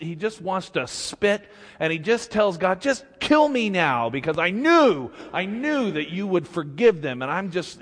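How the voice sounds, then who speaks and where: A man's voice: on the high side, fairly bright tone, big-room sound. A man preaching a sermon as pastor, conversational and humorous, acting out scripture stories. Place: church sanctuary.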